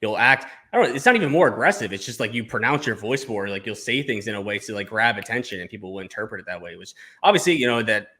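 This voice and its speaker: Male podcast host, rapid-fire delivery, sarcastic and profane, casual. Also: lowish voice, animated, bright, forceful tone.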